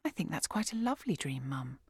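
A woman reading aloud, voicing a gentle daughter of thirty-two who speaks softly and reassuringly, a little higher than her narration. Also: big pitch swings, fast, husky, dry recording, clean studio sound, exaggerated voice. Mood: tender. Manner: soft, tender, reassuring.

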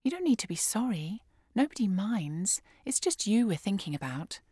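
A woman voicing a gentle caring daughter. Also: medium pitch, big pitch swings, normal speed, slightly rough, dry recording, studio quality, voice pushed up. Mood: tender. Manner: soft, tender, reassuring.

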